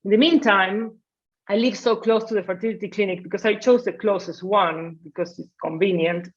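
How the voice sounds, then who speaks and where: A woman in her forties tells her story as a guest in a casual interview. She sits at a middle pitch and brings back her own earlier words with lively little reenactments. The audio is slightly muffled. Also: moderate pace. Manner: animated, acts out her own past dialogue. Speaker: guest, family medicine physician.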